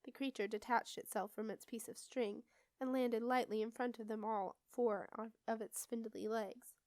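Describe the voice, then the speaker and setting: A woman's voice: a little high, normal speed, no echo. Woman reading a storybook, dry close sound. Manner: steady expressive read-aloud. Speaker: audiobook reader. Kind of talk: storybook narration.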